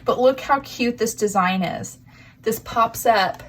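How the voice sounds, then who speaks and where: Speaking slowly in a slightly high voice, a crafting channel host shows off handmade gifts on camera, nearly in tears. She's gushing and sentimental, adding breathy asides, and there's a little hiss or hum in the audio.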